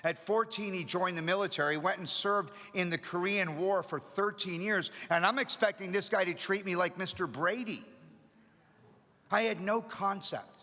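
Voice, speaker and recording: In a hall with long reverb, a middle-aged man tells his recovery story to the room with humor and vigor. His high voice sounds pushed and bright, moving at normal speed.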